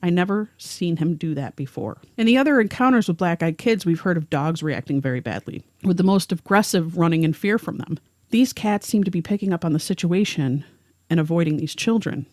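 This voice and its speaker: A woman's voice: on the low side, a little mellow, no room sound, clean studio sound. A woman co-hosting a podcast, narrating a first-hand story and reading the witness's words aloud. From rural area. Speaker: podcast co-host.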